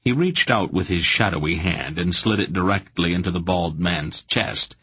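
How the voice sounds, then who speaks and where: A man narrating an audiobook in a steady, measured storytelling manner. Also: deep voice, slightly rough. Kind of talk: scripted narration.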